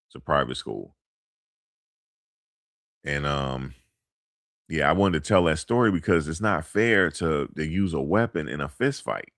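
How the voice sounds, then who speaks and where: A middle-aged man with a very deep voice tells a personal story in a loose, rambling way. He leans on street slang, fillers and false starts. The sound is dry and close. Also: fairly bright tone, dry recording. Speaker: commentator. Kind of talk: casual storytelling monologue.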